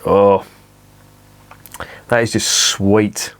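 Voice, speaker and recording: A man's voice: lowish voice, level tone, drawn-out words. Sweary grumbling man. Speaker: beer reviewer. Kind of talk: casual beer review vlog.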